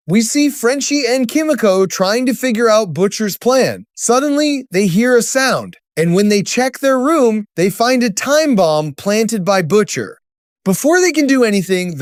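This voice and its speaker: High, lively male story narrator. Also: measured pace, no echo, clean studio sound. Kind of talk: scripted story recap narration.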